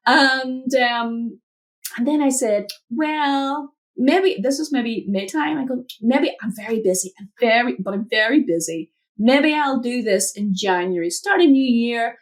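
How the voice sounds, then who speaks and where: A woman mentor, a guest in an interview, telling a personal story from her home office over a video call, acting out the voices in it. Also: a little slow. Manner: animated, acts out quotes with big pitch jumps.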